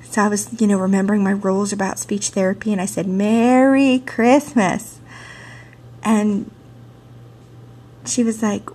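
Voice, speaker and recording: A woman who teaches sign language and theater, telling a personal story in a lively, chatty way full of "you know", recorded on a camcorder mic. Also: medium pitch, a little fast, long pauses, breathy edge. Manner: animated, chatty, laughs often, many "you know" fillers. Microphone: handheld camcorder mic.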